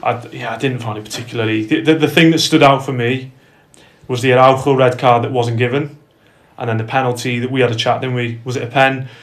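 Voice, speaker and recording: A man co-hosting a casual football chat, chatty and quick to correct himself. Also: mid-range voice, fairly even intonation. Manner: chatty, self-correcting, laughs easily. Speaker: podcast co-host. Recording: roomy echo.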